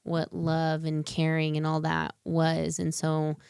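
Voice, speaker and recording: A woman guest sharing her own story in an earnest, heartfelt way, her words loose and full of fillers. Her voice sits low and carries a gravelly edge, yet stays smooth and clear. The sound is dry and close. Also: monotone, slow, a little mellow, dry recording. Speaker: podcast guest. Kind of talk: candid personal storytelling.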